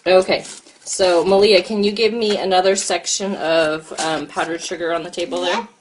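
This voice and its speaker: Brief: American woman, mom host, low-ish voice, chatty live-stream cooking talk with faint background noise. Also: fairly even intonation, moderate pace. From United States. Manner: chatty, talks to viewers and kid at once. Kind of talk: casual live-stream chat while cooking.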